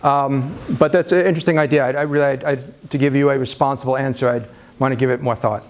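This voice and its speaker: A man's voice: medium pitch, steady tone, quick pace. A man leading a marriage seminar, talking conversationally to an audience with self-deprecating humor, many fillers and restarts. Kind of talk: live seminar talk to an audience.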